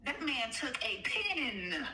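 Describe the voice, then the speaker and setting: A woman guest in casual chat on a group call, dropping sassy, expressive quips. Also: fairly high pitch, slow pace. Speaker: guest podcast host.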